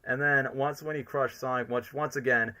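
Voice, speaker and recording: An enthusiastic male streamer giving casual fan commentary in a bright voice. He rambles along, leaning heavily on filler words. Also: medium pitch, fairly even intonation, moderate pace. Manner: enthusiastic, rambling, fills every sentence with "literally" and "like".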